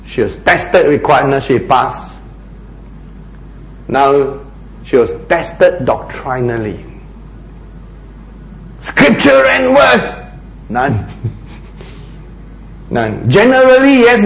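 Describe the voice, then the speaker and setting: Male pastor, slow deliberate preaching, lively swooping pitch, somewhat high voice, echoey hall. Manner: emphatic, animated preaching with dramatic quoted lines. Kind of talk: sermon.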